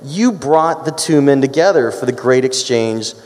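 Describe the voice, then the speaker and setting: A man's voice: medium pitch, animated, moderate pace, darkish tone. A man moderating a panel interview, eager in his questions and stumbling over repeated words. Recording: hall reverb.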